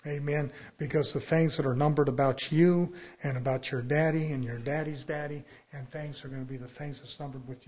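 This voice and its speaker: A middle-aged man preaching an impassioned sermon, firing off rhetorical questions and breaking into sudden loud bursts. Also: mid-range voice. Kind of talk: fiery sermon.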